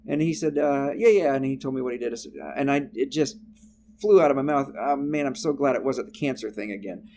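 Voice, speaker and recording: A man hosting a podcast, telling stage stories in casual chat and laughing loudly at his guest. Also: mid-range voice, quick pace, a little hiss or hum. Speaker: podcast host.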